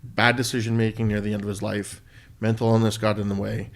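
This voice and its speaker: A middle-aged man co-hosting a podcast, talking in a thoughtful, halting way with restarts. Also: lowish voice, little pitch movement, creaky. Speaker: podcast co-host. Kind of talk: casual conversation.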